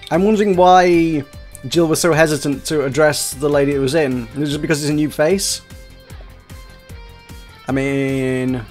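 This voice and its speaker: Male let's-play host, somewhat high voice, rambling casual game commentary. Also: fairly even intonation, moderate pace, long pauses, soft background music. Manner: rambling, self-interrupting, chatty.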